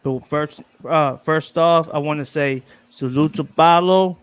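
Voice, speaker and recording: A man's voice: a little high, unhurried, clean tone, no room sound. A man joining a casual podcast panel as a guest, talking in an easygoing way and greeting everyone.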